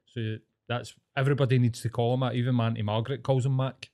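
A Glaswegian Scottish man in his forties co-hosts a relaxed comedy podcast. He tells family stories with salty language and lively impressions of his relatives. His talk is casual and animated. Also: mid-range voice, fast talker. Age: 40s. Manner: sweary, animated storyteller who acts out relatives' lines. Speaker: podcast co-host.

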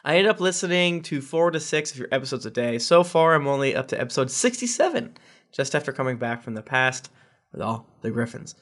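A man's voice: mid-range voice, animated, brisk, fairly bright tone. A man hosting a podcast, reading listener reviews aloud with joking asides. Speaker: podcast host.

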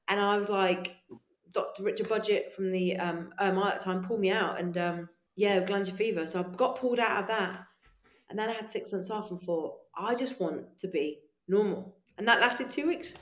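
A woman guest on a podcast, telling animated stories in casual chat, swearing freely and acting out her own voice. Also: medium pitch, brisk. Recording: echoey room.

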